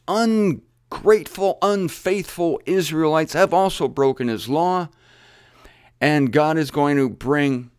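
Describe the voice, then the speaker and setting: A man's voice: a little high, no echo. A man giving an informal Bible teaching in a studio, with joking asides and rhetorical questions to his audience. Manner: hurried near the end. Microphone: studio camera setup.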